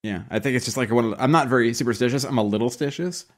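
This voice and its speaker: A man's voice: medium pitch, racing. A man with a plain mid-range voice co-hosts a podcast in easy, casual chat. He talks loosely and jokes around between points. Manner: joking, playful. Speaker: podcast co-host.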